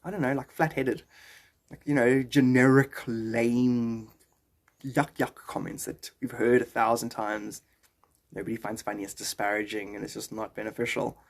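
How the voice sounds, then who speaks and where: A man's voice: mid-range voice, flat delivery, moderate pace, vocal fry. A man streaming live and chatting casually with his viewers, rambling, joking and greeting them by name. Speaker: livestreamer.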